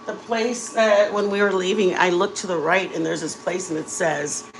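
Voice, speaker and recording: A woman's voice: fairly low pitch, steady tone, normal speed, a little hiss or hum, low-quality recording. A woman in her forties, a vlogger, chatting casually with her viewers while baking at home and telling long stories. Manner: chatty storyteller addressing viewers directly.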